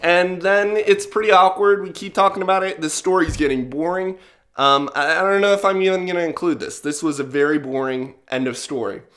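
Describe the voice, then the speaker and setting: A man's voice: high voice, a little fast, fairly bright tone. A man vlogging in a casual, rambling storytelling way, self-mocking and full of fillers.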